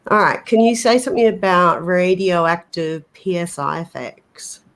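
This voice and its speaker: A woman co-hosts a casual livestream, chatting in a low voice. She talks slowly and hesitantly, with plenty of fillers and restarts. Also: animated, fairly bright tone. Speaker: paranormal channel co-host.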